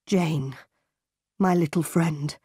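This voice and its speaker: A woman voicing a stern, brooding middle-aged gentleman in a read-aloud storybook, speaking low, grave and quiet. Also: slow, slightly rough, no room sound, studio quality, heavily acted.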